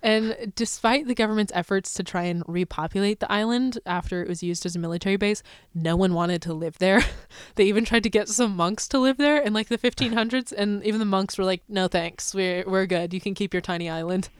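Playful woman with a smooth voice. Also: mid-range voice, fairly quick, hardly any pauses, no echo, clean studio sound. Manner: playful, laughs often, sarcastic asides. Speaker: podcast co-host. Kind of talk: casual chat.

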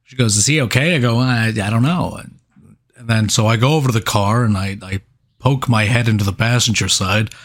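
A man in the middle of a podcast chat, spinning a rambling, profane story about his neighborhood. He talks at an ordinary pitch, casual and loose, with plenty of swearing and short laughs. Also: a little fast. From New York. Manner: profane, animated anecdote with laughs. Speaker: podcast co-host.

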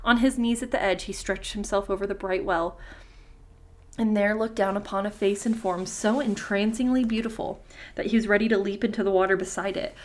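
A woman's voice: medium pitch, fairly even intonation, brisk. A woman hosting a podcast, reading old-fashioned folktale prose aloud and breaking off now and then for casual, swearing asides.

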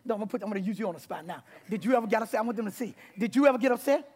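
A man preaching to a church congregation, animated, mixing shouts and laughter. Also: high voice, racing, breathy edge. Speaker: pastor. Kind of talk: sermon.

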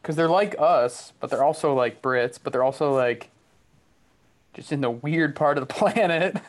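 A man's voice: a little high, moderate pace. A man co-hosting a podcast, musing in casual chat with lots of fillers and restarts. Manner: musing, hesitant, filler-heavy.

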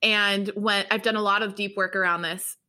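A woman hosting a podcast interview, talking reflectively in a halting way. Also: medium pitch, steady tone, bright, forceful tone. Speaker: podcast host. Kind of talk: conversational interview.

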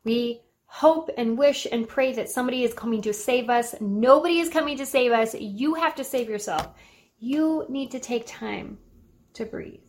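A woman's voice: a little high, moderate pace. A woman in her thirties hosting a motivational self-help talk, earnest and encouraging, with an occasional laugh. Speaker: podcast host.

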